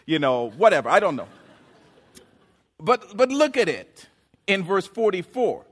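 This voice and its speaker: Bright, lively-voiced preaching man. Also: a little high, normal speed. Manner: animated, joking preaching with sudden loud outbursts. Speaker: pastor. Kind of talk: sermon.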